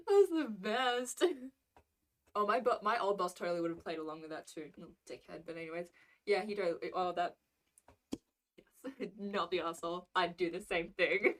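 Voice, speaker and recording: A woman's voice: lowish voice, fairly even intonation, a little fast, fairly bright tone. Chatty young woman streamer. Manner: chatty, rambling, laughs often. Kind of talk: casual chat reacting to stories.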